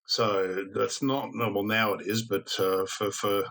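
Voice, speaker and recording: An older man, telling stories as a podcast guest, halting and full of restarts. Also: fairly low pitch, steady tone, fairly bright tone, a little hiss or hum, low-quality recording. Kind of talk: casual storytelling.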